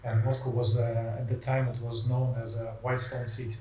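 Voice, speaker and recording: A man with a Russian accent chats as a podcast guest. He speaks haltingly and often stops to find the right word. The voice sits a step back from the mic in a roomy, echoing space with a faint hum of noise underneath. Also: mid-range voice, flat delivery, darkish tone, distant mic. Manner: halting, searching for words with many uh fillers. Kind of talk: casual podcast chat. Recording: echoey room, voice off-mic.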